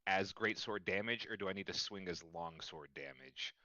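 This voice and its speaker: A man's voice: low voice, moderate pace, bright, forceful tone, dry recording. A man playing a tabletop game online, talking casually as he works through his dice rolls and rules questions. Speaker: player. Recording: slightly dull lo-fi audio.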